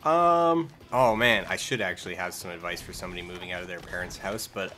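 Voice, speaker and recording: A man with a low, bright, forceful voice hosts a live stream in casual chat. He talks hesitantly and repeats his words as he reads chat questions. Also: fairly quick.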